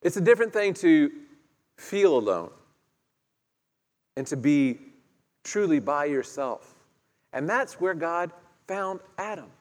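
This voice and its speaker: Questions go out to the congregation as a man conversationally retells a story in his sermon. His voice is on the high side and animated, delivered slowly with long pauses, in a reverberant, echoey hall.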